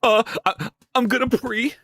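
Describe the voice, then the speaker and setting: Guy livestreaming his game dev, pretty high bright voice, rambles and swears at his code, dry close sound. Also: steady tone, a little slow, dry recording. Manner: rambling, thinks aloud, swears, talks to chat. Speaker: streamer coding a game. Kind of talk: casual live-stream chat while coding.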